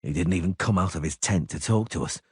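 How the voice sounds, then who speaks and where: A man voicing a calm, laconic male monster hunter who speaks in a dry, understated way. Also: sits low, fast talker, breathy edge, dry recording.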